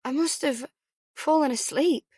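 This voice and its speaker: A woman's voice: high-pitched, measured pace, darkish tone, no echo, clean studio sound, pitched above the performer's own voice. A woman voicing a flustered, exhausted young mother in whispered role-play, defensive and stumbling over her words.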